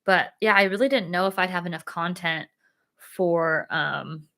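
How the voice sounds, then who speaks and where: A young woman hosting her own live stream, chatting casually and excitedly, with many fillers and laughs and sudden high squeals. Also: measured pace.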